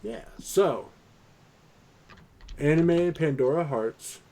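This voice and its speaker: An American man co-hosts a casual podcast at an unhurried pace, his pitch rising and falling expressively. He is laid-back and crude, dropping swear words without fuss. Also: lively intonation, creaky, warm tone. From United States. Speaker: podcast co-host.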